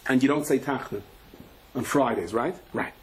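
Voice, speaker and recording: A middle-aged man, a rabbi, giving a sermon full of animated, rapid storytelling. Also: mid-range voice.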